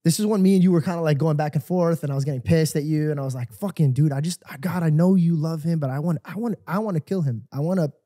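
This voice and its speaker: Earnest man with a dark, dry voice. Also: on the high side, fast, few pauses, no echo. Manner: earnest storytelling, acting out quoted dialogue, says "bro" often. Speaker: podcast co-host. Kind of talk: casual podcast chat.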